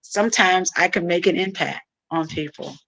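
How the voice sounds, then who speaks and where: A woman running for Congress, answering interview questions earnestly and haltingly, with many fillers. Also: on the low side, gravelly, a bit bright, poor audio. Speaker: political candidate guest.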